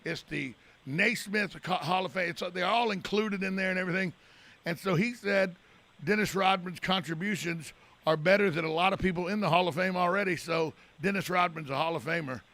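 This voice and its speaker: A man's voice: high-pitched, brisk, bright, forceful tone. A man hosting a radio talk show from the studio, chatting casually in a rambling, joking, self-deprecating way. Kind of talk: casual on-air chat.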